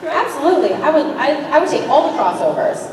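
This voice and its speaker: A woman from Canada telling stories on a convention panel in a casual, lively way, laughing often. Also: high-pitched, quick pace. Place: large convention hall. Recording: echoey hall from far off, crowd noise.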